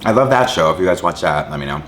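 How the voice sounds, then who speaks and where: A man's voice: low-pitched, lively intonation, quick pace, fairly bright tone, slight background noise. A man casually chatting to his viewers while eating, rambling and saying "like" a lot, humming between bites. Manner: rambling, says "like" a lot, chews and hums between lines. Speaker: mukbang vlogger.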